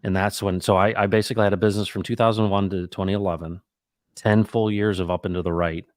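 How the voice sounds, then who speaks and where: A middle-aged man hosting a casual talk, reflective and animated, acting out the people in his stories. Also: on the low side, fast talker, no echo, clean studio sound. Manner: animated, acts out quoted dialogue; reflective, faith-minded musing. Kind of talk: casual conversational storytelling.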